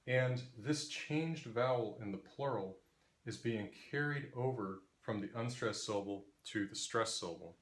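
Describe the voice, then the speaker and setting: A man's voice: medium pitch, unhurried. A man with an Interior West American accent teaching linguistics, explaining patiently and demonstrating vowel sounds aloud. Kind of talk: explanatory lecture.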